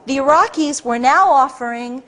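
A woman speaking at a public talk, telling a story to a live audience in an animated, rambling way, often correcting herself mid-sentence. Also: sits high, normal speed.

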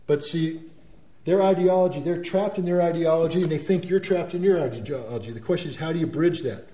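A man giving an animated talk to an audience, emphatic and quick to mimic the people he describes. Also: medium pitch. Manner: animated, emphatic, repeats words, mimics others' voices. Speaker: speaker. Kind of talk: speech to an audience. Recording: roomy echo.

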